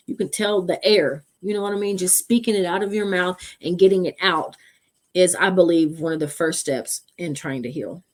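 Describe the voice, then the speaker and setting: A woman's voice: on the low side, a little mellow. A woman leads a faith podcast. She talks with conviction, repeating lines one after another to drive her message home. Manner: preachy, repeats phrases for emphasis. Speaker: podcast co-host. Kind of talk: faith-based podcast talk.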